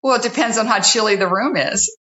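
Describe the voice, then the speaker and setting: Her voice a little high, bright and forceful, a fitness TV host talks briskly as a guest in a casual interview, earnestly counting off each point. The recording sounds roomy and slightly dull.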